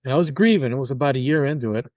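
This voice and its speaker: An older man talking as a guest in an interview, telling personal stories with an animated delivery and acting out other people's words. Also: medium pitch, rapid-fire, no room sound. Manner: animated, acts out quoted voices. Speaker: guest musician. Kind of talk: casual interview storytelling.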